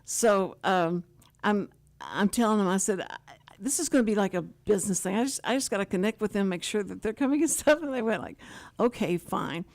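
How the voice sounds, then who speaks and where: A woman's voice: medium pitch, expressive, brisk, a little mellow. An older woman hosting a local radio talk show, telling stories in a chatty way and acting out quoted dialogue. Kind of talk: casual chat with guests.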